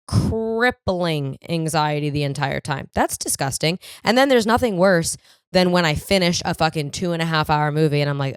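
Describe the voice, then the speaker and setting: A woman's voice: low voice, normal speed, smooth, dry recording, studio quality. A young woman hosting a solo podcast, ranting with lots of swearing and self-deprecating humor. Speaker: podcast host. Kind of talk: solo comedic podcast monologue.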